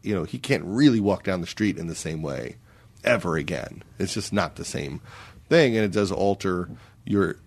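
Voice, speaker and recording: A man telling comic anecdotes in a casual podcast chat as a guest, jumping into high, exasperated voices as he acts out his stories. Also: lively intonation, moderate pace, breathy edge.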